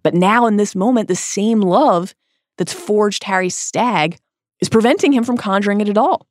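A woman co-hosting a podcast, reading a scripted essay earnestly and dramatically, with slow, emphatic stresses. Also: mid-range voice, no room sound, clean studio sound. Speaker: podcast co-host.

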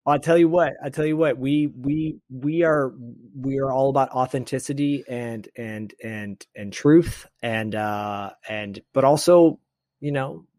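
A man's voice: medium pitch, a little slow, a little mellow, dry recording, clean studio sound. A man hosting a podcast, chatting casually and rambling through his thoughts. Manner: rambling, restarts often. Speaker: podcast host. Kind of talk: casual chat.

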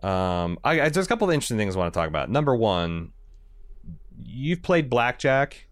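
A man co-hosting a casual TV recap podcast, animated and swearing freely as he riffs. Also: mid-range voice, a little fast, dry recording. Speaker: podcast co-host.

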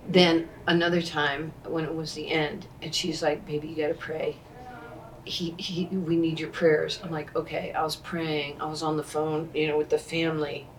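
A woman in her sixties, an interview guest telling personal stories in an animated way and acting out what people said. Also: low voice, slight background noise. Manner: animated, acts out quoted speech. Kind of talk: conversational storytelling. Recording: distant mic, faint ambience.

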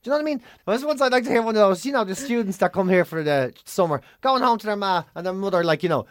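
A man's voice: sits high, lively intonation, racing, hardly any pauses, no echo, studio quality. A middle-aged man with a Dublin accent, co-hosting a podcast in casual chat, blunt and ranting, swearing freely. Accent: Dublin Irish. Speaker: podcast co-host.

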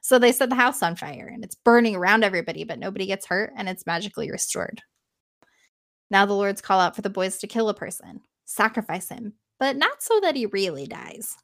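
A woman's voice: mid-range voice, fairly bright tone. A woman retelling an old myth in a casual, chatty way, with laughing asides. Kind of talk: casual storytelling.

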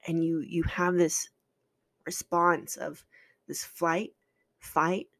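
A woman hosting a podcast, telling a personal story in a raw, halting and earnest way, with restarts and some swearing. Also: fairly low pitch, level tone, fairly bright tone, no room sound.

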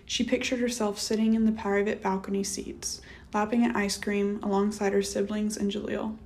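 A woman narrating an audiobook novel in a measured, steady reading. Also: medium pitch. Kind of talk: scripted narration.

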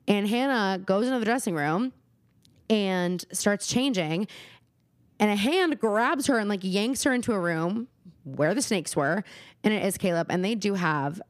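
A young woman talks through a TV episode on her podcast, lively and loose, slipping into the characters' voices and cursing as she goes. Her voice sits in a middle register, recorded close and dry with no room sound. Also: medium pitch, measured pace, dry recording. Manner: animated, acts out characters' lines, swears freely. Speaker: podcast co-host. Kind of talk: casual chat recapping a TV episode.

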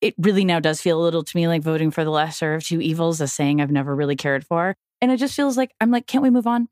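A woman's voice: low-pitched, quick pace, a little mellow, no echo, clean studio sound. A woman co-host venting in casual chat, frank and exasperated, swearing freely. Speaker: podcast co-host.

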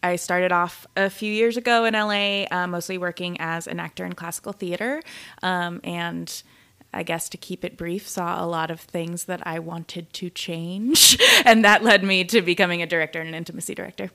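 A young woman speaks as a podcast guest, sounding enthusiastic and dropping in plenty of fillers. Her voice is bright and forceful, and its pitch sits slightly low. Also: fairly even intonation, moderate pace. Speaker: director and intimacy director.

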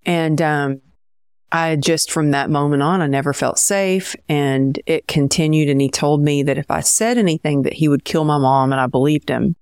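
A woman's voice: low voice, moderate pace, clean tone, no echo, clean studio sound. A woman guest in an interview, speaking candidly and emotionally about her past. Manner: candid, soft-spoken, emotional. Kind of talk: personal interview storytelling.

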